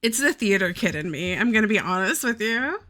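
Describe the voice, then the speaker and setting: Young woman, from the American South, casual streamer chat, rambling, swears a lot, lively bouncy pitch. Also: brisk. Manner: chatty, heavy "like" filler, swears freely.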